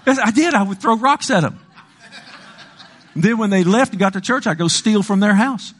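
An older man preaching a sermon with passion, moving from loud pleading to hushed lines and acting out the voices he quotes. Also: high voice, animated, moderate pace, a little hiss or hum.

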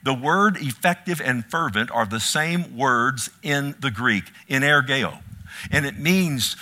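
A middle-aged man preaching a sermon as pastor. His voice is bright and forceful, at a middle pitch. He moves from loud, ringing calls to soft, hushed storytelling. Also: expressive, slow.

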